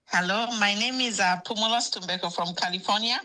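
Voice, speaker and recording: A woman calling in to a political show, earnest and emotional, halting with many fillers. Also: medium pitch, sharp tone. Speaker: caller. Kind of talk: call-in comment to a political show.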